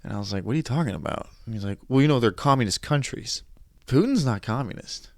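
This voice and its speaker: A young adult man hosting a podcast, telling anecdotes in a casual monologue, animated, quoting others and restarting his sentences. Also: mid-range voice, rapid-fire, no room sound, studio quality. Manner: animated storytelling, quoting others, frustrated asides, frequent restarts. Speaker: podcast host.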